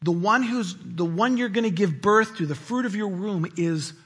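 A man delivers a sermon with a high, bright voice that has a husky edge. He is animated, driving some points hard and dropping others to a hushed aside. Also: normal speed. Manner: animated, swinging between loud emphasis and hushed asides. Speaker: pastor.

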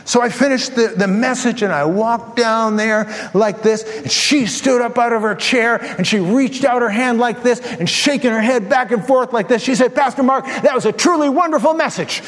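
A man preaching a sermon as pastor, telling a story with lively, acted-out asides to his congregation. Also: very high-pitched, normal speed, few pauses. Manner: animated storytelling, acts out his own thoughts. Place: large church hall. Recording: long hall reverb.

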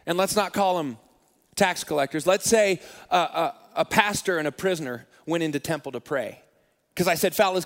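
A man's voice: high-pitched, fairly bright tone, long reverb tail. A man preaching a sermon as pastor, telling a story in a conversational, self-deprecating, humorous way.

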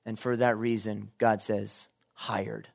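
A man preaching a sermon, shifting from quiet, measured reading to loud, animated emphasis. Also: mid-range voice.

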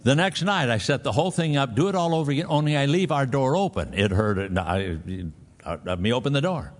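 A man's voice: mid-range voice, animated, brisk. A male pastor preaching a sermon, telling a folksy personal story and then pressing his point with emphatic exhortation.

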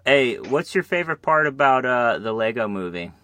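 A man's voice: mid-range voice, very animated, moderate pace, sharp tone, no room sound. A man co-hosting a casual podcast, trading crude jokes and teasing banter over a beer. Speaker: podcast co-host.

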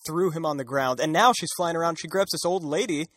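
A man with a slightly high voice co-hosts a podcast in casual, joking chat. He laughs often and acts out the lines he quotes. His mic sounds dry and close. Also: brisk, fairly bright tone, no room sound. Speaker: podcast co-host recapping a comic.

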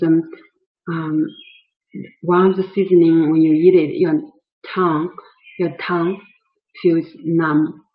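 Slow, careful language teacher. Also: medium pitch. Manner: slow and deliberate, with hesitant fillers. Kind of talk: explaining a language lesson. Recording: dull, lo-fi sound.

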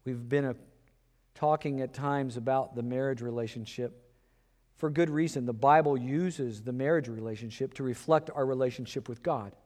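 A man preaching a sermon, acting out back-and-forth dialogue with lively swings in pitch and loudness. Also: moderate pace, long reverb tail. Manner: animated, acts out dialogue with shifts in pitch and loudness. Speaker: pastor.

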